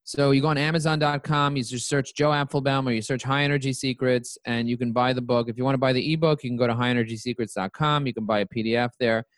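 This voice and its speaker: A man's voice: medium pitch, fairly even intonation, quick pace, hardly any pauses, no room sound. A man, a company CEO, telling his story as an interview guest and acting out his own quoted lines.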